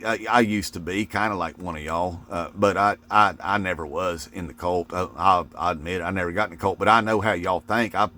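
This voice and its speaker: A man with a drawl rants casually to his viewers. His voice sits a bit low. He is mocking and folksy, and his talk is full of "uh" fillers and restarts. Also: fairly bright tone. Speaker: political video commentator. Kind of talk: casual rant to camera.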